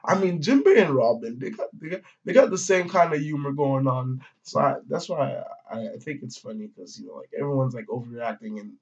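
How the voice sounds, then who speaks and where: A manga reviewer with a medium-pitched, lively voice talks a little fast with hardly any pauses, rambling casually about a comic chapter with slang, swearing, and lots of fillers. It's an audio-only recording with dull lo-fi sound.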